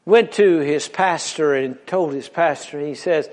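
A man preaching a sermon, slow and drawn out, dropping to hushed low phrases and rising to shouted climaxes. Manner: slow, drawn-out delivery with dramatic pauses.

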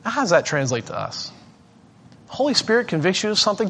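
His voice is high and fast, broken by frequent pauses, as this male preacher recounts something personal in a sermon. He's animated, pokes fun at himself, and often starts his sentences over.

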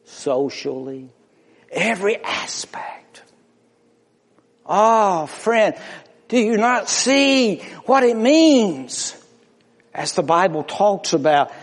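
A man of medium pitch and somewhat dark tone preaches a sermon with passion. He builds intensity through repeated phrases and rhetorical questions. The long reverb of a large hall surrounds his voice.

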